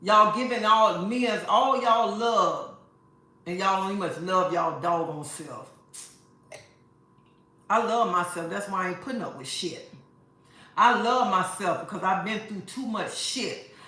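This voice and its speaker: A woman's voice: medium pitch, pushed and bright. Woman, emphatic, preachy, repeats herself, live-stream advice talk, echoey room. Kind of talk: casual advice talk to viewers.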